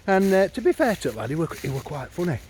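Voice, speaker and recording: A man's voice: fairly high pitch, very animated, fast talker, darkish tone, a little hiss or hum. A man telling a comic pub tale in a rambling, chatty way. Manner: rambling, chatty, with many fillers. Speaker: comic storyteller.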